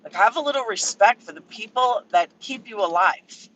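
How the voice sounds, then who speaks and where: A man's voice: sits high, expressive, moderate pace, bright, forceful tone, husky, dull audio. A man ranting casually and profanely on a livestream from a vehicle, answering chat members by name. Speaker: livestream commentator.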